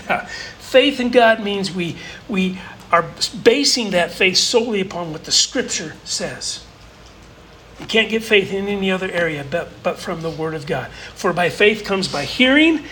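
Male pastor delivering a sermon; high, bright voice, earnest, builds through repetition, light background hum. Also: rough recording. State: briefly choked up.

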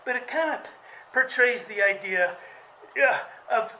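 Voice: pushed and bright, a little hiss or hum, low-quality recording. A preacher giving a conversational sermon, often restarting words and acting out quotes. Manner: conversational, halting delivery with frequent restarts; acts out quoted speech with raised pitch.

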